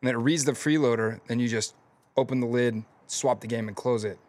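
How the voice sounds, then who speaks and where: A young man in casual chat with friends, telling stories in a quick, rambling way and laughing often. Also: medium pitch, darkish tone.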